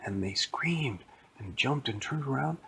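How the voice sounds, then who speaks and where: A man spinning an improvised story in a relaxed, rambling way, with playful asides. His voice is mid-pitched with a gravelly, creaky grain. A faint hiss sits behind him. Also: a little slow.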